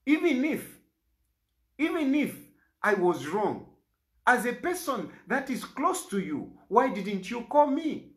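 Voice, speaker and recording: A man's voice: very high-pitched, very animated, slow pace. A Zambian man, an opposition politician, making an impassioned public statement in an aggrieved, pleading way and repeating lines for emphasis.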